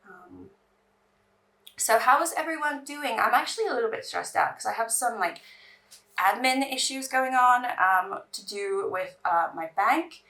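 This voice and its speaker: A woman's voice: a little high, animated, a little slow, bright, forceful tone, distant mic. A woman from England, chatting in a rambling way while doing her makeup on camera. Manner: chatty, rambling, restarts sentences. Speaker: beauty vlogger.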